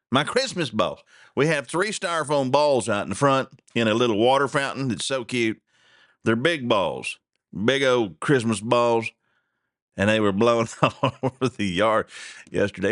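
A man's voice: mid-range voice, fairly bright tone, no echo, studio quality. A man hosting a radio talk show, chatting in a rambling, jokey, folksy way. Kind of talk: casual radio chat.

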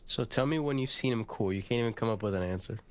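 A man's voice: lowish voice, fast, no room sound. A man in a casual chat show, blunt and argumentative as he makes his point. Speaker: podcast co-host.

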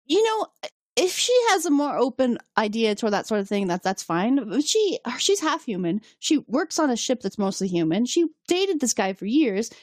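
Woman, high voice, very lively pitch, giggly casual podcast chat, dry close sound. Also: moderate pace, no echo. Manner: giggly, animated, lively voice acting of scenes. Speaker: podcast co-host. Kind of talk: casual chat recapping a TV episode.

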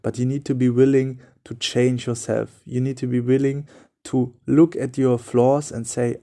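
A man's voice: medium pitch, little pitch movement, normal speed, mellow. A young man who is not a native English speaker, hosting a solo podcast in an earnest, repetitive way with loose phrasing. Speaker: podcast host. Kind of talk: solo motivational podcast talk.

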